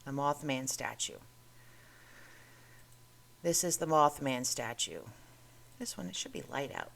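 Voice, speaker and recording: Low gravelly woman, chatty host. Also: expressive, measured pace, a bit bright, a little hiss or hum. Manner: chatty, rambling, self-interrupting. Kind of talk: casual talk reading curiosities.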